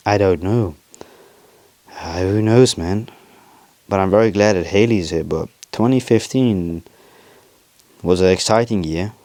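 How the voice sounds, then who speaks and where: A young man hosting his own podcast, talking in a rambling, confessional way with lots of swearing and halting restarts. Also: low-pitched, mellow, no echo. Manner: confessional, emotional. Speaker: podcast host. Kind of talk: casual personal monologue.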